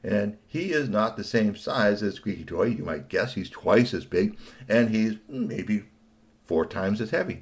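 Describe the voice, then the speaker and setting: A middle-aged man narrating a children's story in an animated way, talking to young listeners. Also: on the low side, a little slow.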